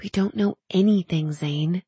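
A woman voicing a teenage girl in a storybook reading, her lines soft and whispered. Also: lowish voice, measured pace, slightly rough, no room sound. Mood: resigned. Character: teenage girl, torn and determined.

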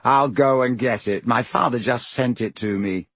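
A man's voice: mid-range voice, normal speed, a bit bright. A man voicing an arrogant teenage schoolboy who drawls and sneers. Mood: drawling, sneering.

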